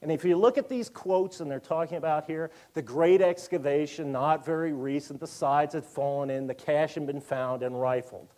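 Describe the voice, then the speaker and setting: A man in his fifties giving a public lecture in a museum auditorium, animated and full of joking asides. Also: on the high side, normal speed, few pauses. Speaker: university lecturer.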